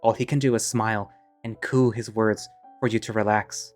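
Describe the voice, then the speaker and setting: A man narrating a visual novel in the second person, steady and measured. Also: on the low side, soft background music.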